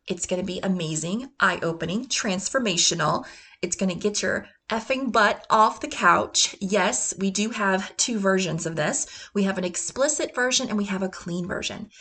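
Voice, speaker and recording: A woman hosting a motivational podcast, talking with energy and laughing often, sometimes dropping into gruff chanted quotes. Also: medium pitch, moderate pace, fairly bright tone. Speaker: podcast host.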